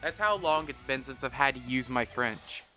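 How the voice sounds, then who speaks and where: A man's voice: mid-range voice, expressive, normal speed, sharp tone, faint music behind. A man hosting a video game let's play, rambling in a self-deprecating way and swearing freely. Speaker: gaming video host.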